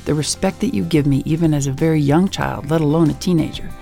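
A woman's voice: deep voice, quick pace, gravelly, dark tone, soft background music. A woman author being interviewed on a radio show, telling stories emphatically and with self-assurance. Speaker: guest author and educator.

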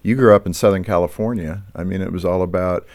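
A middle-aged man hosting a radio interview, relaxed and chuckling as he tells personal stories. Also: low voice, quick pace. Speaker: radio show host.

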